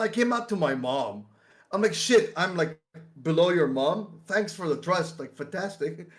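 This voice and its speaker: A young man telling a story casually on a livestream, full of slang, swearing and laughter. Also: on the high side. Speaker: streamer.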